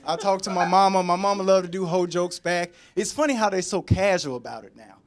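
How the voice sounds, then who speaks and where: A man performing a stand-up set in a comedy club, animated and profane, laughing through his own punchlines. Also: high-pitched, brisk. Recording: live club with loud crowd. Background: live audience laughing.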